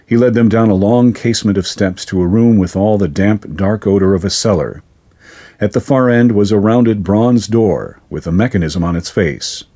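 A man narrating a fantasy story in a steady, even storytelling manner. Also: fairly low pitch, moderate pace, husky.

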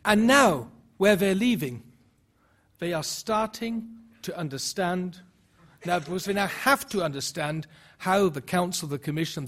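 A man whose first language is German, speaking at a public debate with earnest rhetorical questions and halting restarts. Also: a little high. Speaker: panel speaker.

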